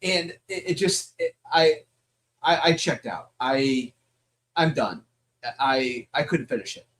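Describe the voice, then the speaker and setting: A man co-hosting a comics podcast, blunt and profane, ranting in an animated way and acting out his own reactions. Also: medium pitch, slow. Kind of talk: casual chat.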